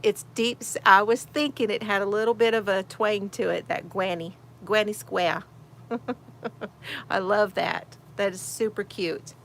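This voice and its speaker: Broadcasting a casual crochet stream from her she shed, this host welcomes viewers by name, reads their chat messages aloud, and laughs a lot. She speaks at a measured pace in a medium pitch with fairly even intonation. Her tone is fairly bright, touched with vocal fry.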